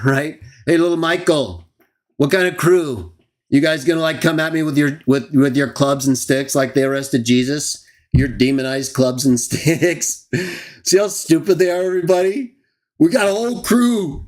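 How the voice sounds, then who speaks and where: A man's voice: on the high side, a little mellow. A man hosting a live stream, ranting and mocking his critics with scornful laughs. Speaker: host of a live stream show. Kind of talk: heated live stream rant.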